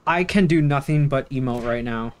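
A woman's voice: very deep voice, normal speed, darkish tone, slight background noise. A young woman giggling and teasing a friend in casual voice chat during a roleplay game. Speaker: game player.

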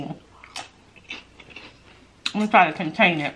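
A woman's voice: mid-range voice, moderate pace, long pauses, fairly bright tone. A woman hosting a mukbang eating show, chatting casually to her viewers between bites and laughing often. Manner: chatty, giggly, talks to viewers while eating. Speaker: mukbang host.

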